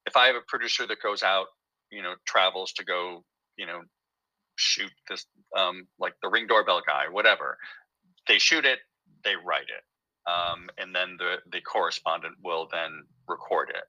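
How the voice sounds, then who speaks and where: A man's voice: deep voice, normal speed, pushed and bright, no echo, dull audio. A man who creates and writes a TV show, telling his story in a casual interview with many fillers and restarts.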